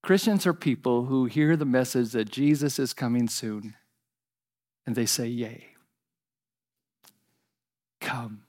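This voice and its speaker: A pastor preaching a sermon, earnest and animated, dropping to soft pleading repetitions. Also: male voice, medium pitch, moderate pace.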